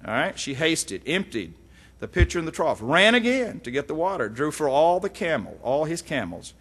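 A middle-aged man, teaching from the Bible in a folksy, animated way with frequent asides. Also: on the high side, moderate pace, husky. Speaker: preacher.

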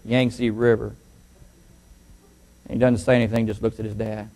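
A man preaching to a church congregation, mixing joking asides with slow, loud scripture reading. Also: medium pitch, little pitch movement, gravelly. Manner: joking asides, then declaiming scripture slowly and loudly. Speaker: pastor. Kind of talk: sermon with jokes and scripture reading.

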